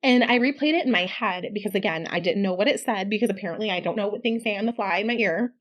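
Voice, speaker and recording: A middle-aged woman co-hosting a podcast, telling a personal story in casual chat, animated and quick to laugh. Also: mid-range voice, highs cut off. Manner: chatty, animated when quoting, laughs often. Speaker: podcast co-host.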